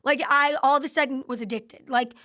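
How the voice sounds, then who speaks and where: A woman's voice: high-pitched, steady tone, a little fast, pushed and bright. A woman podcast host telling her company's founding story in a casual interview, acting out the quoted dialogue with animation.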